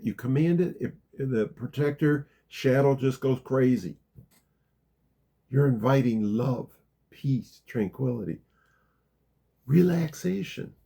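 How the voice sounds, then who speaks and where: A man leading a gentle guided meditation talk, calm and unhurried, dropping very soft in the guided parts. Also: mid-range voice, gravelly, slightly rough. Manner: slow, gentle, drops to a near whisper in the guided parts. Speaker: spiritual teacher guiding a practice.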